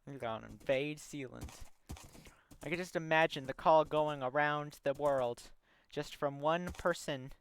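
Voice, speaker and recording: A man's voice: on the high side, a little slow, clean tone. A young man chatting casually on a game livestream, rambling through long stories packed with ums and likes. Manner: rambling, filler-heavy storytelling. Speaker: gaming livestreamer. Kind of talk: casual live-stream chat.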